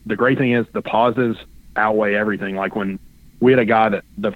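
A man's voice: lowish voice, fairly even intonation, fast, no room sound. Man on a tinny phone line. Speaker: phone-in guest, racing stable owner. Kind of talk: casual interview.

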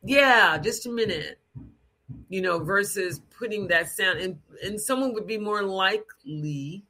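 An adult speaking in an unscripted teaching talk about sound, with a strong, frank and direct tone. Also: medium pitch. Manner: demonstrates sounds with lively put-on voices and bits of song.

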